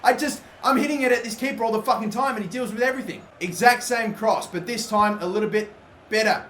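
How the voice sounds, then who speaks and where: A young male gamer with a slightly high voice talks through his football match. He curses nonstop, groaning at missed chances and yelling when play heats up. The recording is echoey, with a faint hiss underneath. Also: quick pace. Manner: swears constantly, swings between exasperated and excitable yelling. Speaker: gaming channel host. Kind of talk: live football game commentary. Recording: echoey room with faint background noise.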